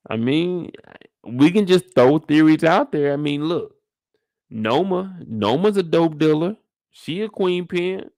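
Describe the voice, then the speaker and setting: Man for a casual show recap: gravelly, animated delivery, salty, lots of rhetorical questions. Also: fairly high pitch, takes it slowly, dry recording, clean studio sound.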